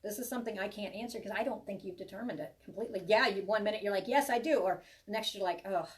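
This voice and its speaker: A woman's voice: medium pitch, fairly even intonation, rapid-fire, recorded from a distance. A woman giving a live tarot reading to viewers, chatty and reassuring, rambling with many restarts. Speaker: tarot reader.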